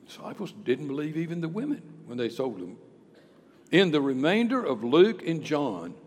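Male pastor, husky, highish voice with lots of movement, dramatic sermon delivery, long hall reverb. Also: very animated, normal speed. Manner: dramatic, swings from hushed to loud.

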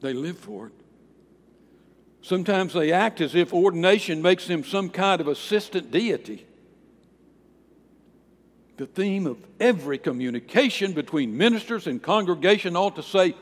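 A pastor preaching a sermon, emphatic, with swings in volume and pitch. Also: male voice, animated, normal speed, pauses often. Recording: long reverb of a large hall.

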